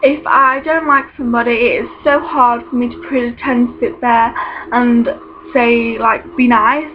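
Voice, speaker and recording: A woman's voice: a little high, fairly even intonation, unhurried. A woman chatting to camera in a rambling, self-correcting way. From United Kingdom. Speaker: vlogger. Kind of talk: casual chat to camera. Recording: dull lo-fi recording with faint noise.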